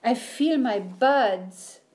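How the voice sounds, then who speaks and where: A woman voicing a kind, gentle female talking tree in a storybook, sounding patient and reassuring. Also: a little high, expressive, very slow. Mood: cheerful.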